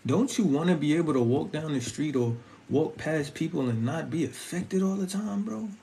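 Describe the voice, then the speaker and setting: Slightly high with some vocal fry, this young man's voice moves at a moderate pace over faint background noise. He's a Christian vlogger giving an animated, conversational, slangy talk on faith and relationships, often throwing in "you feel me."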